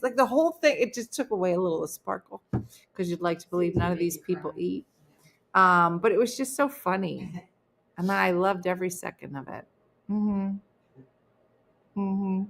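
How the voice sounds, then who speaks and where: Chatty woman with a lowish voice. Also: lively intonation, normal speed, gravelly, long pauses, fairly bright tone. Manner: chatty, rambling, laughs at her own stories. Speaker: host of a live chat show. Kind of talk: casual storytelling chat with viewers.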